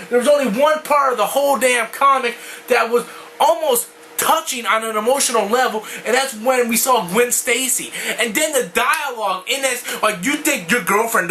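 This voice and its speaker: Very high-voiced man in a furious rant. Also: a little hiss or hum, poor audio. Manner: furious, profane, bursts into shouting. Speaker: comic book vlogger. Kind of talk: angry video rant.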